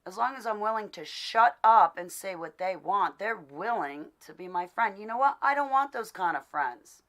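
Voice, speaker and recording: A woman's voice: medium pitch, lively intonation, moderate pace. A woman talking straight to the camera in a casual rant, emphatic and indignant, laughing now and then. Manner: emphatic and indignant, swings from loud to quiet; laughs between remarks. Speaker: vlogger. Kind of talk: casual ranting monologue.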